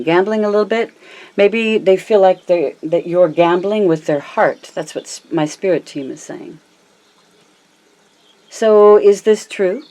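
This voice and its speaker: A woman giving a casual tarot reading to viewers, chatty and affectionate, calling them her loves and honey, and often slowing down for emphasis. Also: dark tone. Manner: varies her pitch and pace a lot, slows down for emphasis. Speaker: tarot reader.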